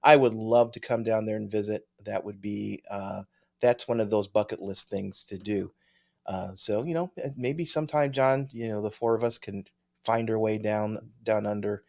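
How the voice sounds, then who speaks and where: With a voice on the low side and some vocal fry, a podcast co-host reads listener mail in casual chat. He's chatty, laughs often, and lets sentences trail away.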